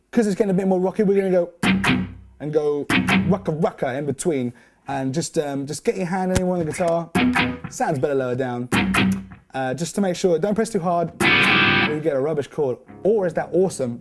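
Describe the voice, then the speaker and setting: Jokey man teaching guitar. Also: on the high side. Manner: jokey, chatty, counts and scats rhythms aloud. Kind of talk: casual guitar lesson. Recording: loud guitar playing under the voice.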